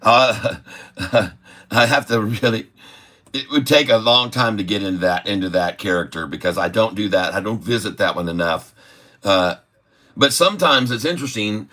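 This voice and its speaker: A man hosting a live trading stream, rambling excitedly and laughing often. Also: on the low side, moderate pace. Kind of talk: live stream chart commentary.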